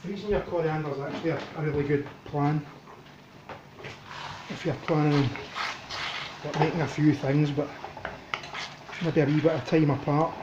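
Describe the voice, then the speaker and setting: A relaxed Scottish man talking his way through a home cooking session, chatty and unhurried, at a mid pitch. The recording is dull and lo-fi, with a roomy kitchen echo and steady noise behind him. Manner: chatty, relaxed, thinks aloud while cooking. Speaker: cooking vlogger. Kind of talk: casual cooking commentary.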